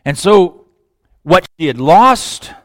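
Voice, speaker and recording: Impassioned male preacher, hushed to loud. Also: sits high, big pitch swings, slow, dry recording, studio quality. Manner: impassioned, rhetorical questions, swings from hushed to loud. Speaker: pastor. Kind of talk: sermon.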